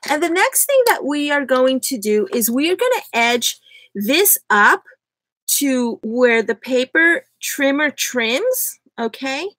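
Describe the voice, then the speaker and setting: Woman host, live craft demo; bright high voice with a lot of swing, unhurried pace, giggly and self-mocking, close desk mic. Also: big pitch swings, no echo. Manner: chatty, laughs often at herself. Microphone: USB desk microphone.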